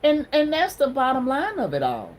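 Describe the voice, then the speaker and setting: A woman's voice: high-pitched, wildly swooping pitch, normal speed, slight background noise, poor audio. A woman hosting a casual livestream on her phone, greeting viewers and talking in an encouraging, sermon-like way. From Ohio. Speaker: livestream host.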